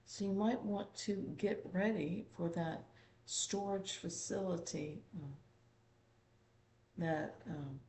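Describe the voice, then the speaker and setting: A woman's voice: on the low side, vocal fry, darkish tone, rough recording. A woman delivering a spiritual channeling monologue in an apartment, speaking in a profane, repetitive way and calling the listener "dear".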